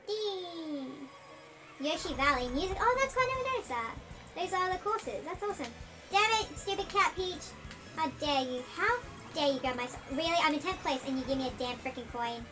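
A gaming channel host giving chatty, excitable let's-play commentary, their voice run through a chipmunk pitch-shift effect. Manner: chatty, excitable, quick to shout at the game. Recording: voice over loud game music. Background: game music.

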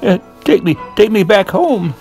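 A man's voice: on the high side, very animated, normal speed, gravelly, faint music behind, pitched above the performer's own voice. A man reading aloud voices Aladdin, a young storybook hero, in a raised, pleading tone. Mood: quivering. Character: young male hero Aladdin, eager and anxious.

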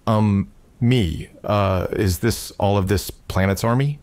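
A man's voice: on the low side, slow, a little mellow, dry recording. A man voicing a confused male alien army commander who asks hesitant questions. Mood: baffled.

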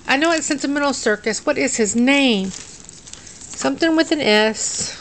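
A woman's voice: high-pitched, a little slow, slight background noise, low-quality recording. Drowsy woman unboxing crafts at home. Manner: drowsy, sluggish and tongue-tied. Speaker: vlogger unboxing a craft package. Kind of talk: casual unboxing chat. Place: dim room at home.

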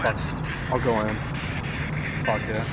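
A man's voice: fairly low pitch, flat delivery, takes it slowly. A young man on a nighttime ghost hunt, talking in a jumpy, rambling way with lots of swearing and fillers. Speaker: ghost-hunting vlogger. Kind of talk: casual paranormal investigation chat. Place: outdoors at night near a school. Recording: outdoor recording with street noise.

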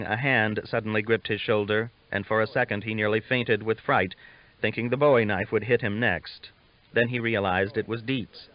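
A man reading a novel aloud as an audiobook narrator, steady and measured, on a dull lo-fi recording. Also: on the low side. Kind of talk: scripted narration.

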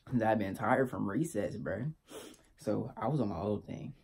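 A man's voice: fairly low pitch, moderate pace, creaky, a little mellow. A young man, telling a story in a laid-back, slangy way to his vlog viewers. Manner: laid-back slangy storytelling, keeps asking "you feel me". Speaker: vlogger.

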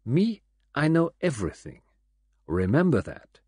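A man voicing a fussy, self-important male detective who speaks gravely and sternly, read for an audiobook. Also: medium pitch, huge pitch swings, unhurried, dark tone, no echo, pitched above the performer's own voice, full character voice.

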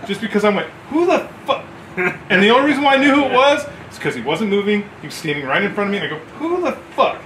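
A man telling a profane story about boot camp among coworkers, acting out shouts as he goes. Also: high voice, very fast, echoey room, slight background noise, low-quality recording. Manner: animated, swearing, acts out shouts. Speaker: former Marine telling a story.

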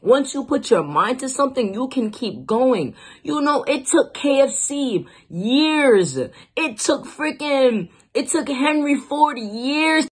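A woman's voice: sits high, lively intonation, slow, few pauses, breathy edge. A woman giving an emphatic, slangy motivational talk, cursing freely as she urges listeners on. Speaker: motivational speaker.

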